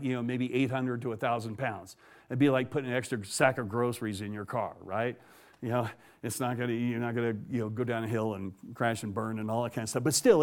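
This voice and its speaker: A man's voice: medium pitch, a little mellow. A man telling a personal faith story as an interview guest, folksy and plainspoken, chuckling often and restarting his words. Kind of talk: casual spoken testimony.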